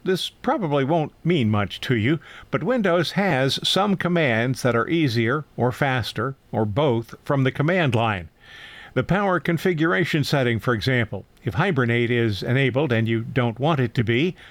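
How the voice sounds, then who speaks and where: Older guy, gravelly, matter-of-fact tech news host, dry close mic. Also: medium pitch, no echo. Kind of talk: scripted tech explainer.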